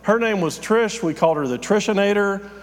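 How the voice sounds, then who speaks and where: A man's voice: high-pitched, brisk, in a large hall. A man, a pastor, giving a conversational, self-deprecating sermon with frequent fillers.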